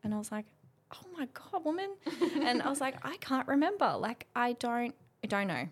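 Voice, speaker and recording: A woman in her twenties is a podcast guest in a casual chat, animatedly telling a story, acting out quotes and laughing often. Her voice is a little high and husky, and she talks briskly.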